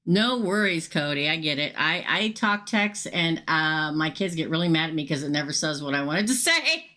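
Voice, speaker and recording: A woman's voice: sits low, animated, normal speed, sharp tone. A middle-aged woman casually reading tarot cards on a livestream, chatty and upfront, talking straight to her viewers. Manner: chatty, upfront, talks straight to viewers and reads chat aloud. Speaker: tarot reader hosting a livestream.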